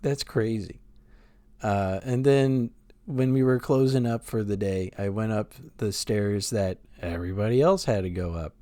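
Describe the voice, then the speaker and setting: A man's voice: on the low side, a little slow, dark tone, dry recording. A man co-hosting a casual podcast, telling stories in a laid-back way, swearing casually and laughing often. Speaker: podcast co-host.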